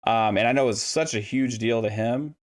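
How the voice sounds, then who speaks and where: A man with a middle-pitched voice leads a casual podcast chat. He talks in a relaxed, hesitant way and often stops for filler words. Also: normal speed.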